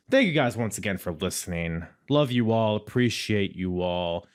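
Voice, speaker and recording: A male podcast host with a lowish voice who talks loud and rambles. His jokes run crude and offhand, and the chat stays casual throughout. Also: expressive, moderate pace, few pauses. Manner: loud, says he yells.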